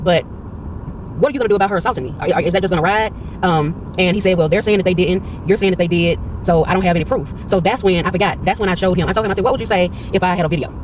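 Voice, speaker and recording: Fast-talking, high-voiced man telling a story. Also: background noise. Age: 40s. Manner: animated retelling that acts out quoted dialogue. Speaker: vlogger. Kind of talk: casual storytelling vlog. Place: in a parked car.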